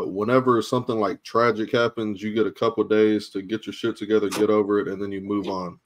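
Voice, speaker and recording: Casting: low-voiced male panelist, blunt and dismissive, casual profanity. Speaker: podcast panelist. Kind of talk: casual sports chat.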